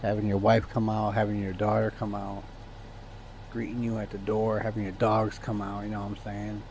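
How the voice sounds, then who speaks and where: A man's voice: lowish voice, completely flat delivery, moderate pace, a little mellow, slight background noise. A man streaming a game, chatting casually and ranting to his viewers with plenty of swearing. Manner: profane, ranting to chat. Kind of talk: casual gameplay chat.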